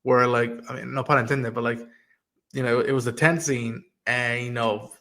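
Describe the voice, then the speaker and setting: A man hosting a casual show review, with a bright, forward tone. He rambles chattily and acts out quotes, filling gaps with "like". He sits close to the mic. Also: mid-range voice, flat delivery, moderate pace. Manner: chatty, fills speech with "like" and acted-out quotes. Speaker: podcast host.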